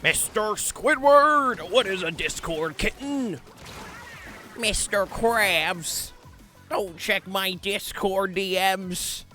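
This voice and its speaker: A man doing a slow, drawn-out impression of a goofy, cheerful male cartoon sea sponge. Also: sits high, pushed and bright, soft background music, pitched above the performer's own voice, exaggerated voice.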